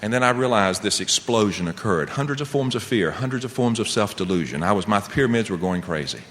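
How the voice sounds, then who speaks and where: A man's voice: fairly low pitch, quick pace. Middle-aged man telling his recovery story. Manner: animated storyteller, asks the audience rhetorical questions. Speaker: AA speaker. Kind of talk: recovery testimony to a meeting. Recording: long reverb, faint background noise.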